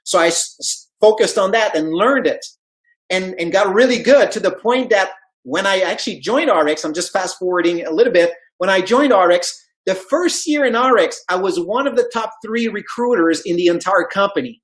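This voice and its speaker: A man's voice: high voice, moderate pace, poor audio. A man speaking English as a second language tells his sales story with energy. He acts out the voices of the people in it and keeps the story moving like a motivational speaker. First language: not English. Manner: animated storyteller, acts out quoted dialogue. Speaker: network marketing speaker.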